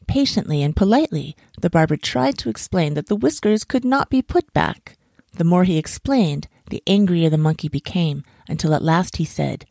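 A woman narrating a children's folk tale in a measured, expressive reading. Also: low voice, no echo, studio quality. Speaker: storyteller. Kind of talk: storybook narration.

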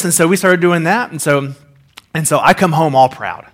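A man delivers a sermon, moving from a quiet prayer into a rambling personal story. He talks in a casual, conversational way, full of fillers and restarts, at an ordinary middle pitch. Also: brisk. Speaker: pastor.

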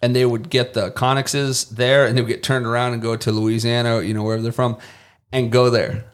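A man's voice: mid-range voice, brisk. A man who is a former Marine and contractor, telling stories casually as a guest and acting out quoted lines in a raised voice. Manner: animated storyteller who acts out quotes in a raised voice. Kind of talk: casual storytelling in a podcast interview.

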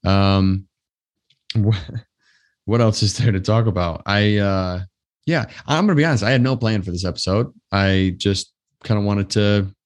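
A podcast host with an unhurried, low-side voice chats alone on his own show. His casual solo talk is loose, rambling and full of fillers.

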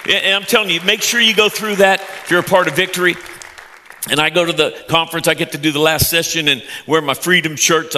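A middle-aged male pastor gives a sermon with a bright, forceful voice. He preaches with passion, climbing to loud high peaks and then dropping to soft, low stretches, and he often repeats words as he builds. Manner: passionate, with sudden loud rises and soft drops; repeats words when excited.

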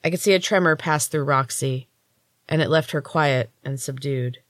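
A woman hosting a storytelling podcast, reading a first-person novel in measured, expressive narration. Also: low voice, dry recording.

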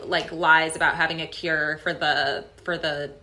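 A woman's voice: deep voice, flat delivery, measured pace, bright, forceful tone, slight background noise. A woman guest on a casual podcast, talking through her opinions thoughtfully with fillers and restarts. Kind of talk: casual chat about a film.

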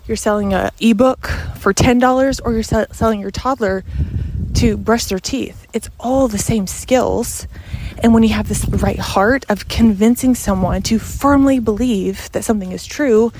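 A woman's voice: fairly high pitch, darkish tone, a little hiss or hum. Earnest, emphatic woman hosting a podcast. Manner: earnest, emphatic, conversational with frequent "like" and "you know". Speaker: podcast host and sales coach. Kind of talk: casual podcast monologue.

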